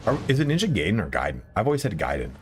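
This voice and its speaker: Racing along in a mid-range voice with wildly swooping pitch, a man streams a video game and chats casually with his viewers. When the game beats him he swears; faint game music and slight background noise can be heard.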